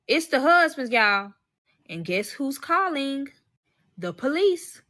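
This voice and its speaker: A woman with a bright, forward voice tells a personal story to her live audience, swearing freely and calling them y'all. She slips into the voices of the people in her tale as she goes. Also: high voice, very animated, slow, no room sound. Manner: profane, emphatic, addresses listeners as y'all; acts out quoted voices. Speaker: storyteller recounting a personal experience.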